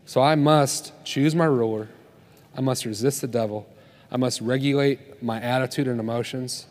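Man, mid pitch, casual storytelling preacher, live hall reverb. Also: steady tone, moderate pace, darkish tone. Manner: conversational preaching, tells stories, asks the crowd "right?". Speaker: speaker at a family conference. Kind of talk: sermon. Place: conference hall. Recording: long reverb of a conference hall.

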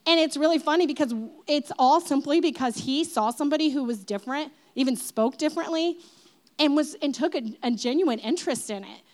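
A woman in her thirties talking casually, chatty and quick to laugh, with lots of fillers. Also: high voice, a little mellow. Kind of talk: casual talk.

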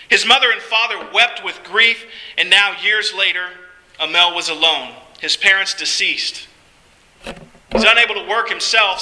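A man's voice: sits high, bright, forceful tone, low-quality recording. A man narrating a first-person story in an earnest, heartfelt way.

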